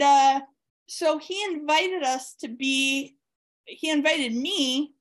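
A woman author being interviewed, telling a personal story in a warm, excited way with many fillers. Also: high-pitched. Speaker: author guest.

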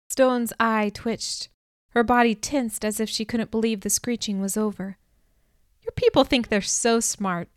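A woman reading a novel aloud as first-person narrator, in a measured, even manner. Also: mid-range voice, dry recording, studio quality. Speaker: audiobook narrator.

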